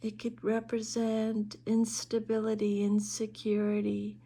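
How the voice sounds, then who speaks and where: Woman, tarot reader, soft-spoken, hesitant, flat delivery, warm tone. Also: mid-range voice, takes it slowly. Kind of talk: tarot reading.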